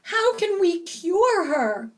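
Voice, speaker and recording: Woman reader as a panicky bride's mother, shrill and loud, lively swings. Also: slow pace, full character voice. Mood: pleading. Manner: high, loud, worried crying out.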